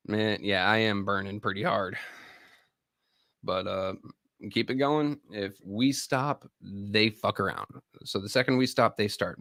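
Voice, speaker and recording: Give me a low-voiced man in his thirties chatting casually on a live stream, rambling and swearing, recorded dry. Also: creaky, fairly bright tone, dry recording. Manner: rambling and profane, talks straight to viewers. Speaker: livestream host and army veteran.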